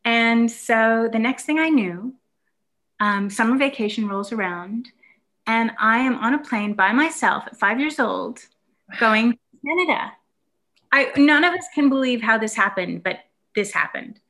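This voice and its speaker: A woman's voice: on the high side, animated, unhurried, fairly bright tone. A woman casually telling a reflective childhood story in conversation, with fillers and restarts, from the United States.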